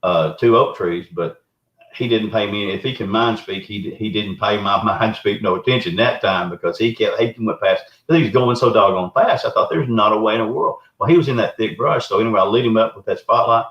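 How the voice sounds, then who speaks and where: This middle-aged Bigfoot researcher, a show guest from Arkansas with a Southern US accent, spins his tale casually in a folksy, rambling, animated way. His voice is on the low side and fairly quick. The remote recording sounds roomy, dull, and lo-fi.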